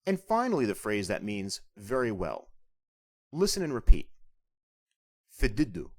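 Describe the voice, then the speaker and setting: A man narrating a scripted language lesson as the instructor, explaining clearly and patiently. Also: on the low side, wildly swooping pitch, normal speed.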